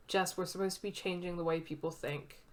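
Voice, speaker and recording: A woman's voice: on the low side, steady tone, a little fast, a little mellow, natural voice. A woman reading the lines of a tense, pressured young woman who runs a food truck in a story game. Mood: hurt, pressured. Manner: tense, pressured, self-critical.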